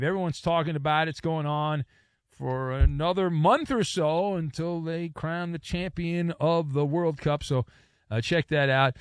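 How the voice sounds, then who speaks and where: A man's voice: a little high, steady tone, unhurried, smooth, no echo, studio quality. A man hosting a sports talk radio show, playful and theatrical, with joking asides and repetitions. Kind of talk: sports talk radio with live-read ads.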